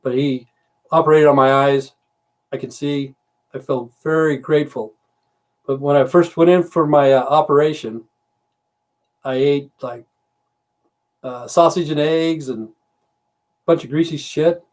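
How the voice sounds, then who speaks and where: A man's voice: fairly high pitch, fairly even intonation, unhurried, pauses often, darkish tone. A man in his fifties or sixties from the United States, rambling bluntly and swearing freely while chatting to viewers on a home livestream. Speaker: livestream host. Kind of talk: casual livestream rant. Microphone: computer mic on a livestream.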